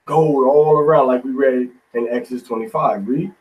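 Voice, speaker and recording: A man's voice: medium pitch, normal speed, far from the mic, low-quality recording. A man teaching a Bible study in an informal, folksy sermon style, often tagging lines with "man".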